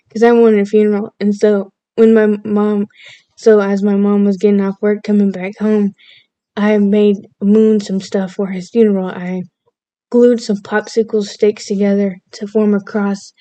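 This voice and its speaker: A woman's voice: mid-range voice, level tone, normal speed, dark tone, no room sound, lo-fi sound. A woman vlogger casually telling a personal story, chatty and playfully overdramatic, laughing at herself now and then.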